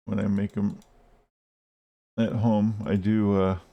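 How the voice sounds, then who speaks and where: A man's voice: lowish voice, little pitch movement, slow, gravelly, lo-fi sound. A man live-streaming a game, chatting casually and rambling while he plays, swearing often.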